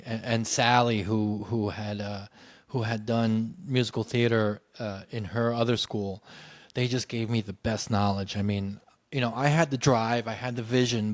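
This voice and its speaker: Animated man telling a story. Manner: animated, acts out quoted voices with big pitch jumps; frequent restarts and "you know" fillers. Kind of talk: casual anecdotal storytelling.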